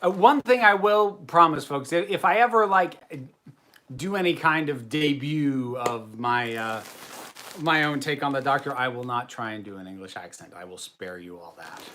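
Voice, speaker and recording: A man's voice: mid-range voice, moderate pace, sharp tone, a little hiss or hum. A man hosting a casual livestream. He chats and answers viewer comments in a self-deprecating way. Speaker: host.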